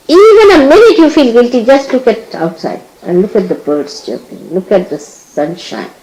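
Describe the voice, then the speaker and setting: A woman speaking as a spiritual teacher to her followers. She scolds gently, laughs often and acts out other people's words. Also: medium pitch, rough recording.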